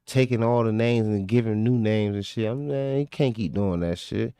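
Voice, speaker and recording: A man in a casual, profane chat, arguing loudly and cursing freely. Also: on the low side, normal speed, clear, resonant tone, no room sound. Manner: loud, profane, argumentative. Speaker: stream host.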